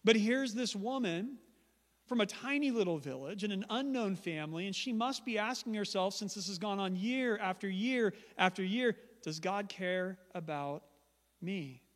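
A man's voice: high-pitched, lively intonation, normal speed. A male pastor preaching a sermon in a church, conversational and emphatic with humorous asides. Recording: long church hall reverb.

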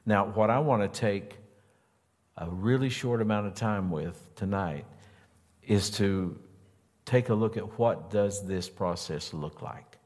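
A man's voice: on the low side, slow, a little mellow. Man preaching in a reverberant hall. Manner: earnest, builds emphasis by repeating phrases. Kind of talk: sermon.

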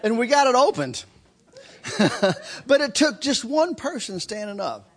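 Animated high-voiced man preaching. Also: measured pace. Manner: animated, acts out shouting in stories. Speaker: guest preacher. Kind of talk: sermon with storytelling. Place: church sanctuary.

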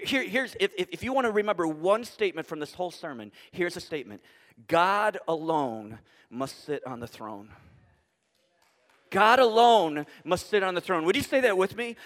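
A male pastor with a high, light voice delivers a sermon, pressing each point home with emphatic repetition and rhetorical questions. His voice rings out with a long reverb trailing through a large church hall. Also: a bit bright. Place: church sanctuary before a congregation.

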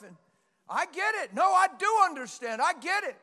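High bright-voiced pastor guy preaching hard, shouting then going quiet, big hall echo. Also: sing-song, moderate pace. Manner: impassioned preaching, swinging from shouting to hushed. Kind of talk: sermon. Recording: long hall reverb.

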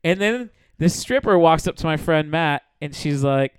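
Animated young man telling a story. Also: a little high, fast talker, few pauses, clean tone, no echo. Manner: animated storyteller, swears a lot, acts out voices. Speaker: podcast host. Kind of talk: casual comedy podcast chat. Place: small studio.

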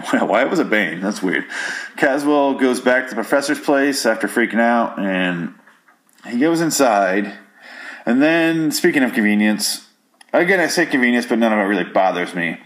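Low-voiced man recapping a movie. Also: animated, moderate pace, a bit bright. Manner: rambling, profane and sarcastic; acts out the film's characters in silly voices. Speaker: film recap commentator. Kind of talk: casual solo movie recap.

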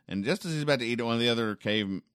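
A man hosting a podcast where he reads comic strips aloud and comments on them, with deadpan, wry asides and frequent ums. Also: medium pitch, very fast, clear, resonant tone, dry recording, studio quality. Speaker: podcast host.

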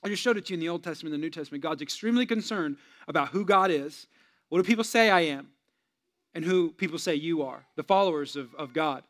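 A young adult man, a pastor, giving a sermon in a lively, conversational way with personal stories and jokes for the congregation. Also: fairly high pitch, quick pace.

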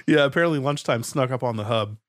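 A man's voice: mid-range voice, fast talker, fairly bright tone, dry recording, studio quality. A man co-hosting a casual chat, recounting a story in a laid-back way. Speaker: podcast co-host.

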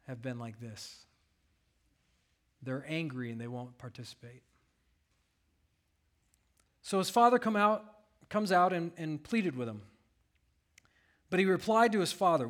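A man's voice: fairly high pitch, a bit bright. A pastor preaching a sermon, reading scripture aloud and asking his congregation rhetorical questions.

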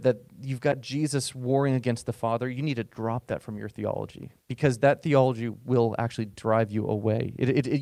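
A man's voice: medium pitch, darkish tone, no echo, studio quality. A man preaching a sermon as a pastor, in a conversational way, often repeating words as he restarts his phrases.

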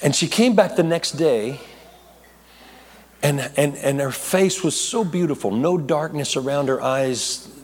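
A man's voice: fairly high pitch, a little slow. Rambling man preaching in a reverberant hall. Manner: rambling storyteller, self-correcting, laughing asides. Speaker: pastor. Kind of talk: testimony sermon.

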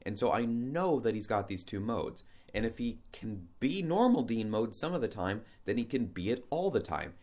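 A man with a fairly low voice talking in a casual, unscripted monologue. He wanders through his point, often restarting sentences and stacking up rhetorical questions as he thinks aloud. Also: big pitch swings, moderate pace, hardly any pauses, darkish tone.

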